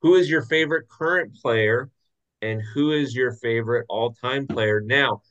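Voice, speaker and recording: A man's voice: medium pitch, unhurried, a bit bright, lo-fi sound. A man hosting a sports podcast, asking his co-hosts questions in an easygoing, teasing way. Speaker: podcast host. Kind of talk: casual sports chat.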